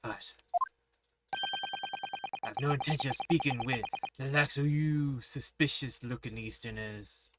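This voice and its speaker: A man voicing a gruff, hostile old prison governor who blusters and threatens, reading game dialogue over loud game music. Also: mid-range voice, steady tone, a little slow, long pauses, noisy background, natural voice. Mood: dismissive. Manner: blustering, threatening, folksy "laddie" talk.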